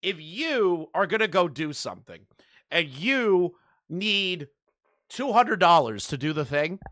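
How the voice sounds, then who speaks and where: Bright-voiced sarcastic male commentator. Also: sits high, very animated, measured pace, no room sound, studio quality. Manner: sarcastic, swings from loud to mumbling asides. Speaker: commentary channel host. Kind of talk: reaction commentary.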